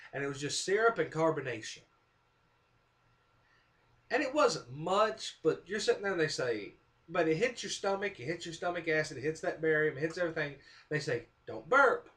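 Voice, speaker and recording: A man with a fairly high voice tells a funny story from his own life straight to camera. His pitch jumps around a lot as he acts out what other people said and pokes fun at himself. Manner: animated, self-mocking, acts out quotes. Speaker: vlogger. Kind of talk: casual storytelling monologue.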